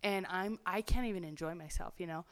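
A woman's voice: fairly low pitch, a little fast. A young woman telling her personal testimony as an interview guest, chatty, full of "like" and "you know", acting out other people's voices.

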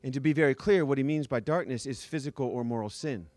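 A male pastor preaching a sermon as a lively, joking storyteller who acts out the scenes he describes. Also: medium pitch, fast, no room sound, soft background music.

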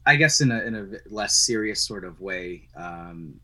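A man from Vermont, a father, talking in a soft-spoken, halting way with many fillers in a casual chat. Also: on the low side, lively intonation. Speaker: podcast guest, father.

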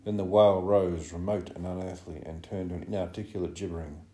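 A man with a very low, dark voice reads a novel aloud in a measured, grave way. The narration sounds roomy, with a noticeable echo. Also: fairly even intonation, slight background noise. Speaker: audiobook narrator. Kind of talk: scripted narration.

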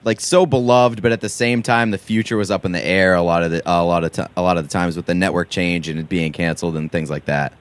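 A man asking an interview question in a measured way. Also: low voice, fairly even intonation.

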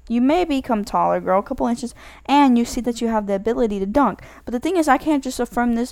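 Gravelly-voiced woman rambling casually. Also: a little high, animated, quick pace, a little mellow, dry recording. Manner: rambling, self-correcting, many "like" fillers. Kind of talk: casual advice monologue.

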